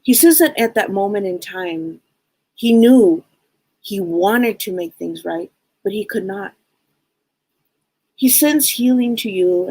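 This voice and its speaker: A woman's voice: on the low side, dark tone, slightly rough, no room sound, rough recording. A woman hosting a live-stream psychic reading show, talking in a heartfelt, rambling way with many restarts.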